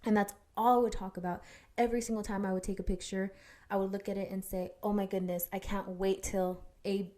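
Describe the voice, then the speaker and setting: A woman's voice: mid-range voice, little pitch movement, brisk, darkish tone. A young woman co-hosting a podcast, telling a personal story in a candid, casual way with fillers and restarts. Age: young adult. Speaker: podcast co-host. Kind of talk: casual chat.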